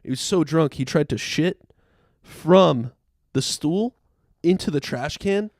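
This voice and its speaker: A man's voice: on the high side, slow, no room sound, studio quality. A young man in casual podcast banter, telling rowdy stories with lots of swearing. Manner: profane, animated storyteller. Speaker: podcast co-host.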